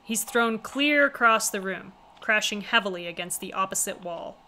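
A woman's voice: medium pitch, lively intonation, moderate pace, pushed and bright. A woman streamer reading a visual novel aloud, with wry, chatty asides in between. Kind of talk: casual reading with commentary.

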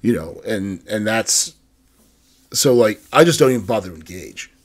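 A man's voice: on the low side, animated, moderate pace. An American man co-hosting a podcast, chatting casually in an easygoing way. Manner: easygoing, lots of agreeing murmurs. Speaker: podcast co-host. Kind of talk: casual chat.

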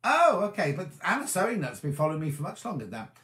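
In an echoey room, a weary host rambles through a casual live-stream, reading out viewer comments and responding. He talks fast in a high-leaning, somewhat bright voice whose pitch swoops wildly.

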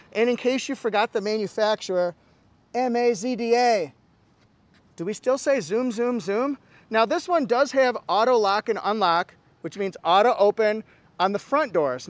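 Man, high voice, upbeat and jokey, car reviewer, dry close sound. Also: no room sound. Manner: upbeat and jokey, with exclamations like "holla". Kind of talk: playful walkaround car review.

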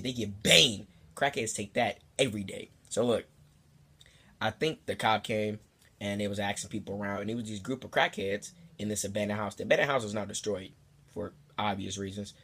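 A young man telling a comedic story to the camera in a casual, profane, rambling way, sometimes jumping into high squeaky voices for the people in it. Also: a bit bright, slightly rough. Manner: profane, rambling asides to the viewer. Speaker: storytime vlogger.

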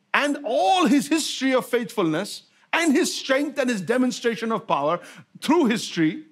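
A man's voice: extremely high pitch, husky. A man pastor preaching a sermon, repeating key phrases and putting rhetorical questions to the congregation.

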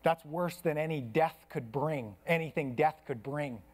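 Man, pastor, sermon, earnest, hushed then raised, slightly high voice, church. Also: a little slow. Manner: earnest preaching, swings from soft hushed to raised.

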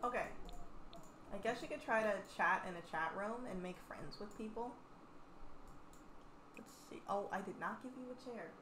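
A woman's voice: medium pitch, normal speed, long pauses, reverberant, noisy background. A young woman in casual gameplay commentary, chatting and teasing at the game characters as she plays. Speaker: gaming channel host.

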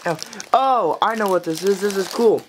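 A man's voice: high-pitched, moderate pace, background noise. A teenage male vlogger chatting casually to a handheld camera, rambling and circling back with "anyways" between thoughts. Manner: rambling, keeps saying "anyways". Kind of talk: casual vlog chat to camera. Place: partly outdoors in wind.

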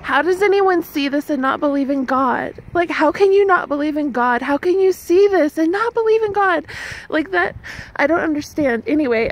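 A young woman talks to her camera outdoors, tearful and overwhelmed, laughing through her crying. Her voice sits high, with a gravelly fry at the ends of her words, and her speech gushes out in short bursts. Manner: gushing, breathless, laughing through tears. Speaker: vlogger. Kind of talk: emotional casual vlog. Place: outdoors at a roadside scenic spot.

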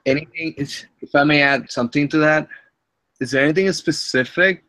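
A man's voice: a little high, brisk, sharp tone, dry recording. A man taking part in a session, asking a question and repeatedly thanking the speaker. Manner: grateful, repeats his thanks. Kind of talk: casual conversation.

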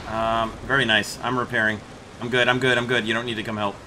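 A man hosting a gaming channel, explaining his match in a relaxed way and then calling out targets to his squad. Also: medium pitch, quick pace, noisy background. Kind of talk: gameplay commentary and squad voice chat.

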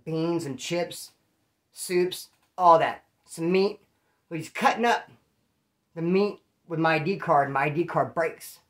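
A man from California telling his own prison stories in a casual, profane, animated way and acting out what people said. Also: on the high side, slow pace. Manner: profane, animated, acts out quoted dialogue. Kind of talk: casual storytelling.

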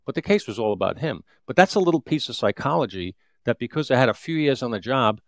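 A man's voice: mid-range voice, very animated, fast talker, dry recording, studio quality. A man in his fifties, a retired police detective, telling a street story in an interview with vivid, repetitive restarts.

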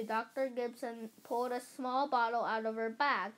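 A woman reading a children's book aloud in a halting way, often correcting herself. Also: fairly high pitch, steady tone, fairly bright tone. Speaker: storybook reader.

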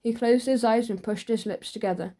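A woman narrating a children's audiobook with lively storytelling. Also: a little high, a little fast. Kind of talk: scripted narration.

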